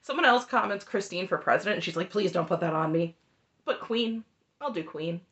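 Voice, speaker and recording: A woman's voice: lowish voice, fairly quick, a bit bright, dull audio. A woman giving an opinionated, sarcastic recap of a reality TV show, laughing often as she talks. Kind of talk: opinionated reaction commentary.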